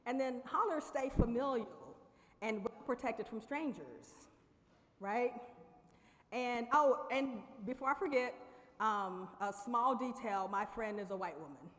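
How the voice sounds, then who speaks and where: Woman, slightly high voice, convocation speaker telling a story, chatty, laughs a lot, long chapel reverb. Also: measured pace, fairly bright tone. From Lexington, Kentucky. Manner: conversational, laughs often, addresses audience directly. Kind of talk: storytelling speech. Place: large chapel.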